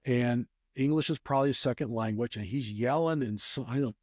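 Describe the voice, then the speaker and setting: A man's voice: medium pitch, fairly quick, a little mellow, no echo, clean studio sound. A man telling a rambling casual story as an interview guest, with many restarts. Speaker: guest, craps player.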